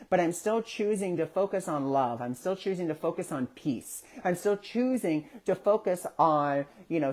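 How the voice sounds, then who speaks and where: His voice is fairly high and a little mellow. On a social media live stream, this spiritual discussion host leads a casual talk, animatedly telling stories and performing the voices of those he quotes.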